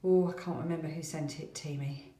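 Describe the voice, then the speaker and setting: Rambling, chatty British woman with a lower voice, vlogging to camera at home. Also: steady tone, a little fast, dark tone, a little hiss or hum. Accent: British English. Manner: chatty, rambling, laughs often. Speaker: craft vlogger. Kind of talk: casual chat to camera. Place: home, bedroom and bathroom.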